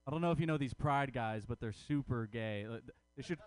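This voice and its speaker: A man's voice: medium pitch, a little fast, darkish tone, clear, resonant tone, no room sound. A man doing a crude, self-mocking stand-up comedy set at a comedy club open mic.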